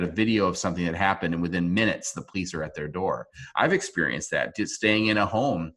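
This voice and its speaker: Low-voiced man, remote interview guest, earnest and halting, speaks over a video call. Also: a bit bright. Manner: earnest, halting, with frequent restarts.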